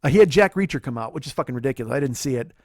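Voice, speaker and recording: A man with a medium-pitched, lively voice hosts a podcast, firing off rambling, jokey stories in casual chat, heavy on swearing. He talks rapid-fire, and the studio-quality recording has no echo.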